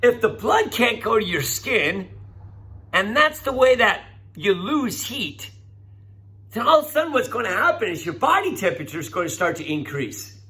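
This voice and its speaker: Male teacher, middle-aged, lively classroom lecturer, high bright voice with big swings. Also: moderate pace. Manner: animated, coaxing, acts out voices.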